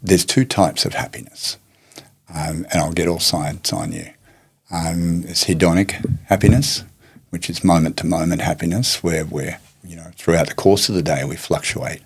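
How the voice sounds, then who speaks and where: A male martial arts teacher, guesting on a podcast interview, tells stories in a low, husky voice. He is reflective and unhurried, and his anecdotes include many restarts.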